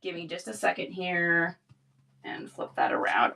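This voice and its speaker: A woman hosting a casual live stream, bubbly and excitable, talking into a phone. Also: unhurried, vocal fry. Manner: bubbly, excitable, high-energy. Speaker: live-stream reseller host.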